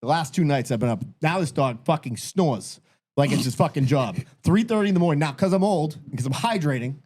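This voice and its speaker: A man's voice: a little high, animated, a little fast, darkish tone, breathy edge. A man in his thirties co-hosting a podcast, ranting in a tired, exasperated way and swearing constantly. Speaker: podcast co-host. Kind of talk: casual chat.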